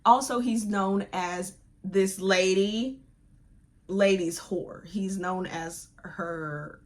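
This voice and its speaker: A woman's voice: medium pitch, extremely slow. A woman hosting a book club podcast, retelling the plot in a casual, digressive, slangy way. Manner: animated, digressive retelling that acts out characters' lines; slangy, informal talk. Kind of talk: casual book review chat.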